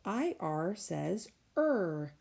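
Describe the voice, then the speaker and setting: A woman teacher giving a recorded phonics lesson for children, slowly sounding out letters and words. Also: fairly low pitch, very animated, vocal fry, darkish tone. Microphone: tablet microphone.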